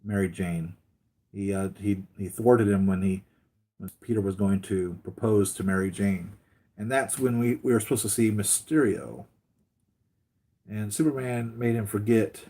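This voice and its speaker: Rambling, low-voiced male channel host. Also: unhurried, dark tone. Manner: rambling, many fillers and restarts. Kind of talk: casual chat.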